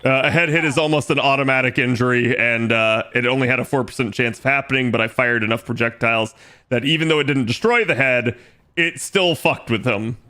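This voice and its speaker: Bright-voiced man narrating his gameplay. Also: mid-range voice, fairly quick. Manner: relaxed, explains his moves aloud, swears casually. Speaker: streamer playing a strategy game. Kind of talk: casual gameplay commentary.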